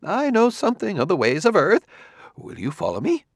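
A man voicing an elderly male sociologist from another world, speaking in a high, thin, politely aloof voice. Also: wildly swooping pitch, normal speed, husky, dry recording, studio quality, heavily acted. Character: elderly male alien sociologist, tight-smiling, superior.

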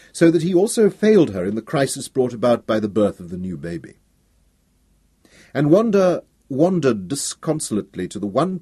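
An audiobook narrator reads a novel aloud in scripted narration, measured and expressive. His mid-range voice has a breathy edge, recorded in a clean studio with no room sound.

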